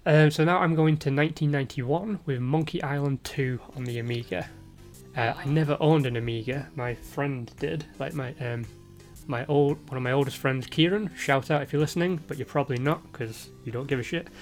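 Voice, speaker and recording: A man's voice: medium pitch, brisk, faint music behind. A man hosting a podcast, chatting casually with lots of fillers and laughter, and a sore throat. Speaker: podcast host. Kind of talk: casual chat.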